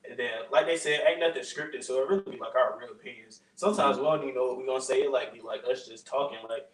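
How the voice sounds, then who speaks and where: A man's voice: medium pitch, fast talker, a bit bright. A teenage boy on a podcast panel, talking in a laid-back, rambling way. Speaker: teen panelist. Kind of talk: casual group chat. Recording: echoey room, far from the mic.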